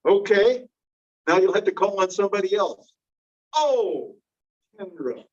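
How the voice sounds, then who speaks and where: Male teacher, slightly high voice, patient classroom explainer, dull lo-fi recording. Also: lively intonation, measured pace, darkish tone. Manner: patient, calls on students by name. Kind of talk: classroom grammar lesson.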